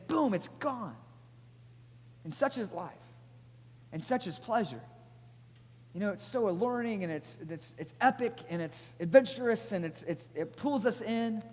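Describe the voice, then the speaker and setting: A man in his thirties delivers a sermon with energetic, animated storytelling. His voice sits fairly high for a man. It rings with the long reverb of a large hall. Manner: animated storytelling, energetic, rising loud at climaxes. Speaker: pastor. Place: church auditorium.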